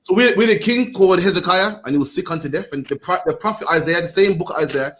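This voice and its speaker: A man leading a Bible class in a fast, slangy style, tacking "man" onto his lines and urging the reader on. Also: high voice, a bit bright. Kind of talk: lively street-style Bible teaching.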